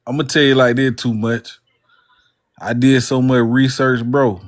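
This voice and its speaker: A man's voice: mid-range voice, level tone, unhurried. A man with a Southern US accent, a guest in a casual livestream talk, rambling in a laid-back way and tagging his lines with "bro". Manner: laid-back, rambling, says "bro" and "you hear what I'm saying".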